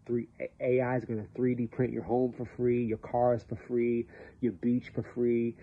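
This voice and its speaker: Man host, mid pitch, animated, rambling faith talk, lo-fi audio. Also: normal speed. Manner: animated, rambling, swings between loud and hushed. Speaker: show host. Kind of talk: casual religious talk. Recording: slightly dull lo-fi audio with faint hiss.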